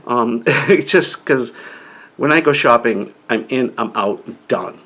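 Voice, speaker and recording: A man's voice: medium pitch, slow, fairly bright tone. A middle-aged man talking casually about living with an inner-ear condition, rambling and restarting his sentences often. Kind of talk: casual personal talk to camera.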